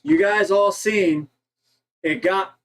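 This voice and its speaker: A man from Ohio co-hosting a casual livestream chat, rambling and halting with many restarts. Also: sits high, a bit bright, low-quality recording. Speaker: co-host.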